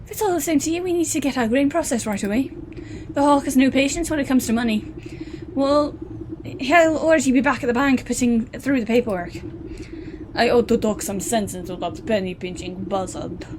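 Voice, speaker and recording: A woman voicing a flustered village miller's wife who talks in a bright, hurried, fussing way. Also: on the high side, noisy background, lightly acted.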